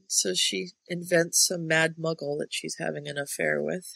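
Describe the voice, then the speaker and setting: A woman's voice: deep voice, steady tone, a little slow, gravelly, fairly bright tone, dry recording. A woman chatting casually with friends, retelling story scenes with little acted quotes. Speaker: podcast co-host. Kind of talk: casual chat recapping a story.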